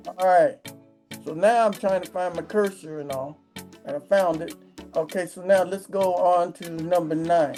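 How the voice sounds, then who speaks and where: A woman's voice: lowish voice, animated, moderate pace, dark tone, faint music behind. A woman vlogger delivering a profane comedic rant, swearing constantly and acting out the people she complains about. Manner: crude, swearing, acts out quoted voices.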